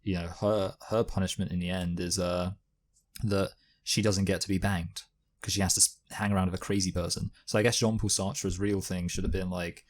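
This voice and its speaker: A man with a very low, deep voice talks over a film in loose, casual chat. He rambles and circles back, and his sentences are full of fillers and restarts. He sounds like a co-host riffing on a review show. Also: level tone, normal speed.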